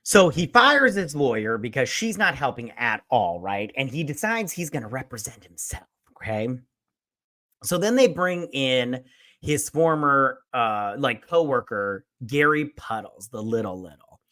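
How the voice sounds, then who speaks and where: A man rambles through a casual spoiler review of a film, swearing freely and padding his lines with fillers. His voice sits at a middle pitch and has a bright, forceful edge. When he acts out a scene, he jumps up in pitch and loudness. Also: big pitch swings, a little slow. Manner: rambling and profane, full of "like" and "or whatnot". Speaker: movie review host.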